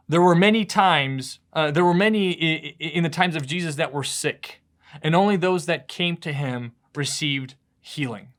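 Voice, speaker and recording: A man's voice: on the high side, normal speed, fairly bright tone. A man preaching a short devotional sermon as a pastor, telling stories earnestly and often repeating words as he goes. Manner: earnest storytelling with frequent word repeats.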